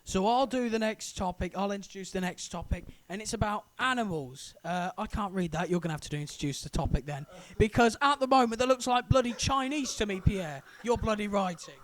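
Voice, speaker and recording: A man's voice: sits high, fairly quick, few pauses, a bit bright. A man co-hosting a casual podcast, explaining things emphatically in a lecturing way. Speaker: podcast co-host. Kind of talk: casual chat.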